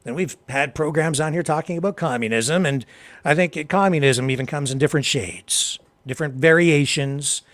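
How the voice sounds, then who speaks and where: A Canadian man hosting a political talk show, delivering impassioned commentary that swings from low, quiet remarks to loud, emphatic outbursts. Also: moderate pace. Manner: heated, addresses a co-host directly.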